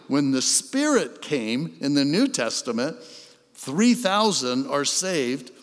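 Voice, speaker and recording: A man preaching a sermon as a pastor, telling stories and swelling in intensity before dropping to a soft, earnest tone. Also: on the high side, in a large hall. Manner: storytelling, swells then drops to soft intensity.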